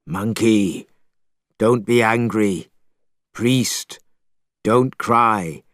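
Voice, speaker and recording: A man voicing calm, protective gods from the sky in a storybook, soothing and reassuring. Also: fairly low pitch, drawn-out words, no room sound, studio quality.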